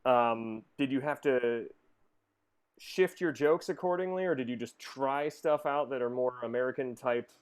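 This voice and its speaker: A man's voice: mid-range voice, measured pace, clean tone. A man hosting a podcast in casual chat, rambling and laughing often. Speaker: podcast host.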